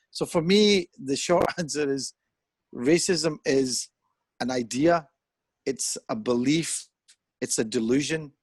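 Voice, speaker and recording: A man's voice: mid-range voice, husky, no room sound. A man in his fifties talking through his views in an earnest, reflective way on a chat show, as if on a video call. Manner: earnest and reflective, thinking aloud. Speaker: discussion guest. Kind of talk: conversational discussion.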